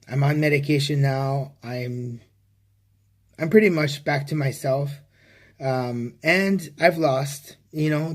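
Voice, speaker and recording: A man speaking to camera in a rambling personal confession, halting with many restarts and casual swearing. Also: a little high. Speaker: vlogger.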